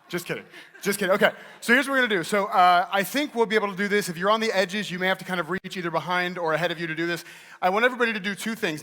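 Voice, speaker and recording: A man giving a playful, joking keynote talk to a live audience in a large hall. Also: high voice. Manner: joking, teasing and energetic. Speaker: keynote speaker. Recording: hall reverb.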